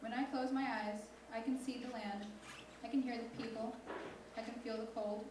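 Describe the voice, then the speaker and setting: A woman's voice: on the high side, fairly even intonation, background noise. Teen girl reciting poetry in a hall. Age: teens. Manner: slow, deliberate, intense recitation. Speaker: student poet. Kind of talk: spoken word poetry reading. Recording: echoey hall from far off.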